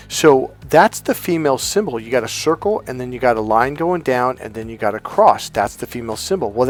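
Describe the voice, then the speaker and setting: Guy coaching dudes on dating, blunt and sweary, faint music in the back. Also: medium pitch. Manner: blunt, profane, emphatic. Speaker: love coach. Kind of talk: coaching monologue.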